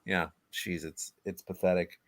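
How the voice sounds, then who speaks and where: A man's voice: low voice, level tone, measured pace, no echo. A man co-hosting a wrestling review chat, recapping bluntly and sounding exasperated. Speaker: podcast co-host. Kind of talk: casual chat.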